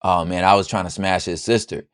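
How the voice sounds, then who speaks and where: Hotheaded young block guy, low and muttered, sheepish excuses, put on by a male host. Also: fairly even intonation, a little fast, clean tone, no room sound, clean studio sound, close to an everyday voice.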